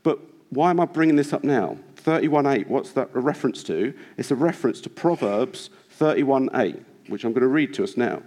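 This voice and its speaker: A male preacher delivers a sermon in a church with a mid-range voice. He talks earnestly and urges his listeners on, often pausing on rhetorical questions to the congregation. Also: mid-range voice, lively intonation, a little mellow. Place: church hall.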